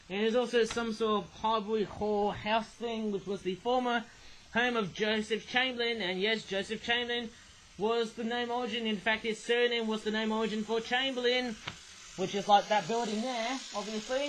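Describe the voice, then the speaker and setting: Here a young man in a rough recording with a little hiss or hum reviews toys casually. His voice is very high and sharp, and he wanders from point to point, tacking a questioning "eh?" onto his sentences.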